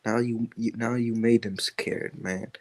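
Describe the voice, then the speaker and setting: A man's voice: mid-range voice, fairly even intonation, a little slow, crowd noise. A laid-back man chatting casually while reacting to videos with friends, often calling people bro and man. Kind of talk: casual group reaction chat.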